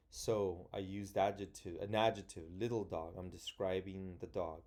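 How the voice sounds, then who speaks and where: A man teaching young children an online phonics and spelling lesson, slow and patient, sounding words out letter by letter. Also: low voice, fairly even intonation, darkish tone.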